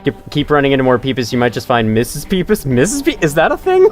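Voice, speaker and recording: A man's voice: mid-range voice, wildly swooping pitch, quick pace, faint music behind. A man streaming a game live from his room at home, chatting with viewers as he plays and swearing when things go wrong. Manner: chatty, reads chat aloud, swears when frustrated. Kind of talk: live gameplay commentary.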